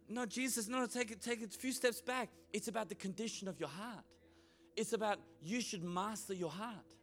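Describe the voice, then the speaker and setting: A man preaching a sermon in a church, lively and humorous, often acting out the voices of the people he quotes. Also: high-pitched, normal speed. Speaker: pastor.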